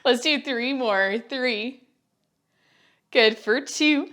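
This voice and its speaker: A woman's voice: a little high, very slow, a bit bright. Breathless woman cueing a Pilates workout. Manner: upbeat counting cues, chatty asides. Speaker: Pilates instructor. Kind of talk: follow-along workout cueing.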